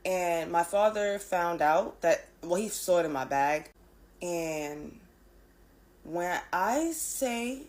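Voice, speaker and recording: A woman's voice: medium pitch, very animated, slow, low-quality recording. A woman telling a personal story straight to camera, candid and emphatic, with frequent rhetorical questions.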